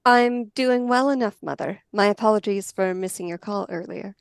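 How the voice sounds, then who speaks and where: A woman's voice: mid-range voice, moderate pace, smooth, dry recording, lightly acted. A woman voicing a polite young woman vampire who talks formally and hesitantly. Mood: subdued.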